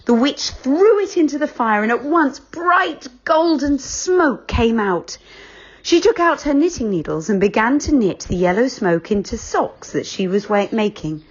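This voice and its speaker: A woman reading a children's book aloud, expressive and unhurried. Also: a little high, muffled recording.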